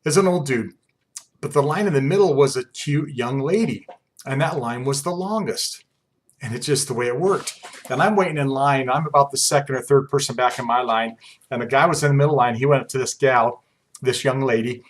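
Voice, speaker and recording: A male college instructor in his forties lectures quickly and casually. He keeps it conversational, leaning on personal stories. His voice sits at an ordinary middle pitch. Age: 40s. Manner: fast-talking, conversational, uses personal anecdotes. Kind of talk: classroom lecture.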